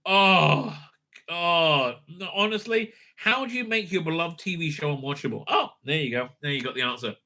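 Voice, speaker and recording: A man delivers furious reaction commentary to the clips he is watching, swearing freely and mocking what he hears. His voice sits high for a man and cuts with a very bright, sharp edge. He stammers through fillers and restarts as the rant builds. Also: moderate pace, slight background noise. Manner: profane, sneering ranting with many fillers. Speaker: channel host reacting to clips.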